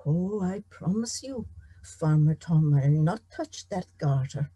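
A woman's voice: low voice, lively intonation, slow, mellow, slightly rough, full character voice. A woman voicing a sly, tricky little male leprechaun with a lilting, wheedling manner.

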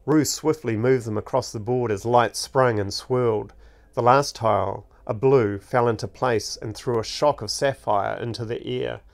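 A man narrating his own fantasy book, reading slowly and deliberately. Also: mid-range voice, vocal fry. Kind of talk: storybook narration.

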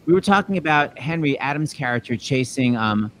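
A man's voice: medium pitch, lively intonation, fairly quick, slight background noise, low-quality recording. A man hosting a casual video-call chat, teasing his guests. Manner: playful, teasing. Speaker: host.

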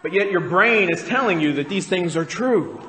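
A man's voice: high voice, animated, normal speed, fairly bright tone, slight background noise. A man pastor preaching a sermon in a church, conversational and often putting questions to the congregation. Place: church sanctuary. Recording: church hall reverb.

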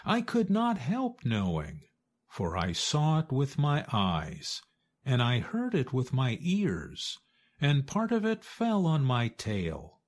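A man voicing a frightened little hen in a storybook reading, speaking in a high, urgent, anxious way. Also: wildly swooping pitch, slow, full character voice. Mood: alarmed.

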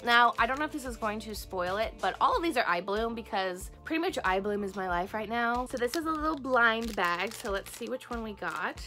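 A young woman hosting a casual unboxing vlog, gushing and excitable, gasping over each cute item. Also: fairly high pitch. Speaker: craft and squishy channel host.

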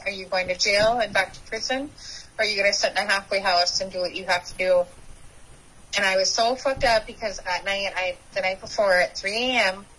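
A woman's voice: medium pitch, bright, forceful tone, low-quality recording. A young woman, a podcast guest, candidly and emotionally telling her personal recovery story.

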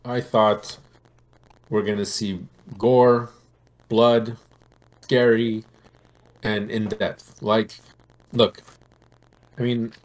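A middle-aged man on a podcast, talking casually in a rambling, animated way about a show and games he loves. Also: on the low side, very slow, pauses often. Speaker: podcast co-host. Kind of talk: casual chat.

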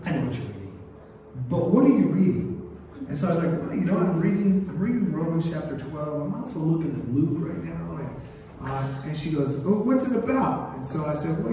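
Animated male pastor preaching. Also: a little high, slight background noise. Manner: animated preaching with call-and-response questions. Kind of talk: sermon. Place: church sanctuary. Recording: roomy church hall, mic at a distance.

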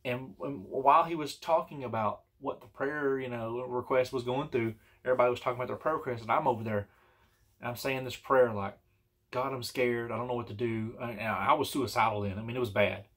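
A man's voice: medium pitch, fairly quick, fairly bright tone, husky. A man telling a personal story in a casual, rambling and earnest way, with many restarts and fillers. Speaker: vlogger telling personal stories.

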